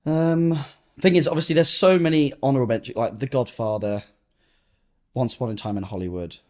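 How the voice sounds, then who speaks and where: A young man chatting loosely as a podcast co-host. He calls his friend "mate" and lets sentences trail off unfinished. His voice sits at an everyday middle pitch. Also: fairly quick, a little mellow. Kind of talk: casual chat.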